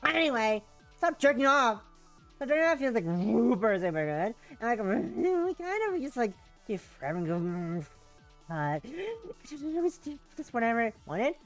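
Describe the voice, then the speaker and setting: A woman's voice: a little high, very animated, a little slow. Girl streamer doing a dreamy clingy girlie voice, rambly, bouncy ups and downs, bit of music under it. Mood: giddy dreamy. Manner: breathless valley-girl rambling, full of "like". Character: giddy clingy girl, obsessive, childlike.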